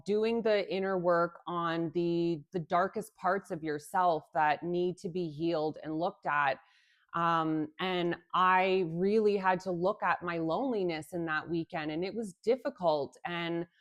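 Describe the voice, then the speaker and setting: A woman in her thirties talking warmly and earnestly into the camera from indoors, with soft hesitations. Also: lowish voice. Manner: earnest and tender, with many soft fillers. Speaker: spiritual healing vlogger. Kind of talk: heartfelt direct-to-camera talk. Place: indoors, filming under a ring light.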